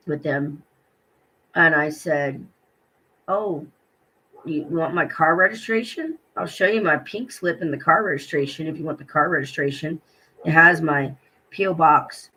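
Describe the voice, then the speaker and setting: A woman's voice: deep voice, fairly bright tone, husky, low-quality recording. A middle-aged woman vlogger telling a personal story in a rambling, indignant way, with many ums and restarts.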